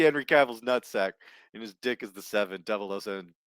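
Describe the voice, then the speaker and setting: Blunt movie-news YouTuber, low-pitched man, swears freely, dry close sound. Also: fairly quick, fairly bright tone, smooth, no room sound. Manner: profane, blunt, reads news aloud with asides. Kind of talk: casual ranting commentary.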